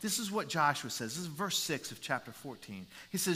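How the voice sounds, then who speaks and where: A man preaching a sermon as a pastor, animated and repeating words as he builds his points. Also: on the high side, brisk, few pauses, breathy edge. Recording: long reverb in a large hall.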